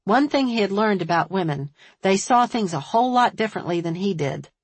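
Measured woman audiobook narrator. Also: medium pitch, animated, husky, no echo. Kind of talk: scripted narration.

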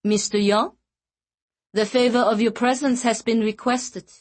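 A woman's voice: a little high, fairly even intonation, measured pace, a little mellow, no echo, pitched above the performer's own voice. A woman reading an audiobook voices a tall, formal and insistent blonde escort with a thick Norwegian accent, in a stiff commanding manner.

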